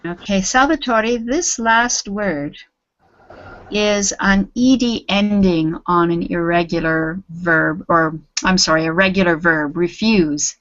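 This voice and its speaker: Lady english teacher going thru grammar drills, calm and encouraging, kinda muffled call sound. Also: on the low side, no room sound. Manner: patient, slow, encouraging. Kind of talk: online grammar class.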